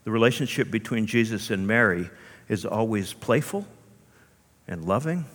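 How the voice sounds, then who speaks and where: A male pastor preaching a sermon with animated storytelling and rhetorical asides, in a church hall. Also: fairly low pitch, moderate pace. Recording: long hall reverb.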